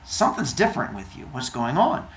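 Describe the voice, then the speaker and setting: A man's voice: mid-range voice, huge pitch swings, brisk. A grieving goddess mother makes stubborn, sulky demands, as a man puts her on. Her plain voice rises and falls a lot. It echoes around a classroom. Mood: suspicious. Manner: insistent, sulky.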